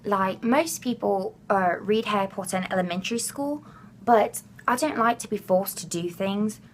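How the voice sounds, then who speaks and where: A woman's voice: medium pitch, moderate pace, a little hiss or hum. A young woman from Florida chatting to camera in a put-on British accent, rambling and gushing with many fillers. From Florida, USA. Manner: gushing and enthusiastic. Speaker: vlogger. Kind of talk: casual fan chat to camera.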